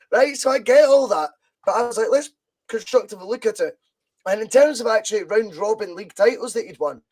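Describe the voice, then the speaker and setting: High in pitch yet somewhat dark in tone, this Scottish man's voice leads a casual football podcast he hosts. He's blunt, argues his opinions hard, and swears without restraint.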